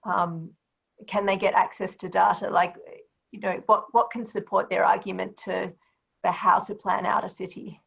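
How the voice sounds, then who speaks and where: A woman's voice: medium pitch, flat delivery, normal speed, gravelly, a bit bright, slightly rough, highs cut off. A woman moderating a webinar, asking loose, conversational questions. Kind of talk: casual moderating.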